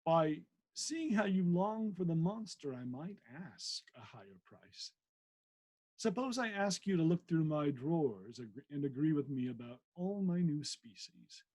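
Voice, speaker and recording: A man reading the part of a genial middle-aged country vicar and naturalist, in a wry, teasing manner and a husky voice. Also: fairly high pitch, animated, measured pace, a little mellow, voice pushed up, poor audio.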